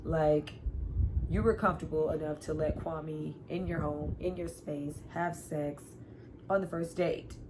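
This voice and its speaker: A woman's voice: sits low, steady tone, unhurried, background noise. A woman casually recapping and reviewing a TV episode, animatedly acting out the characters' lines with sighs and laughs. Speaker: TV review vlogger.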